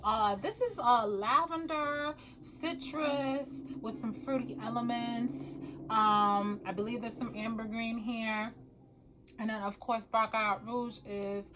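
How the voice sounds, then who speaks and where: A woman talking casually to the camera as a perfume vlogger, animated and quick to laugh, often calling her viewers y'all. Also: a little high, low-quality recording.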